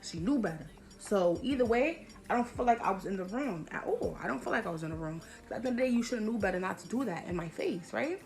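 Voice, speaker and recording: Gravelly-voiced young woman telling a storytime. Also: mid-range voice, lively intonation, fast talker, few pauses, darkish tone, soft background music. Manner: emphatic, slangy, repeats points for effect. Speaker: vlogger. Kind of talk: storytime vlog.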